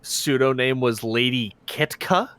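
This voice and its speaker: Young male co-host, mid pitch, relaxed and jokey, conversational. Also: measured pace, clear, resonant tone, no room sound. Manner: easygoing, joking, thoughtful asides. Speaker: podcast co-host. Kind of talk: casual chat.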